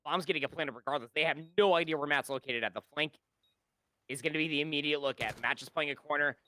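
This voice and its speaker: Bright, chatty male esports caster. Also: on the high side, fast talker, no echo. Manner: rambling, chatty analysis with many fillers. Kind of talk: live esports color commentary.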